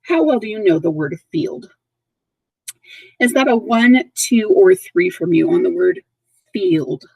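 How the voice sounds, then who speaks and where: A woman's voice: lowish voice, lively intonation, a little slow, vocal fry, long pauses, mellow, husky, no room sound, lo-fi sound. A woman teaching a recorded vocabulary lesson to young kids, patient and repetitive, checking in often. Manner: patient, repeats words and checks in with okay. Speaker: third grade teacher.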